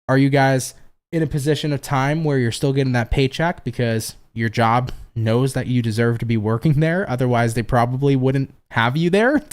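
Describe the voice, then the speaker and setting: A man's voice: medium pitch, normal speed. A man giving a daily horoscope tarot reading, affectionate and encouraging, calling his listeners baby and rambling in upbeat phrases. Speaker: tarot reader.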